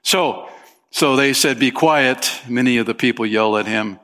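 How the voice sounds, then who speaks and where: A man's voice: medium pitch, moderate pace, sharp tone. A conversational male pastor preaching. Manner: conversational preaching with fillers and emphatic rises. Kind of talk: sermon.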